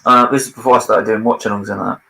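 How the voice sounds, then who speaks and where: A young man, chatting casually about football on a live watchalong, excitable and sweary, with frequent laughs. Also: on the low side, fast, creaky, echoey room, a little hiss or hum, rough recording. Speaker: watchalong host.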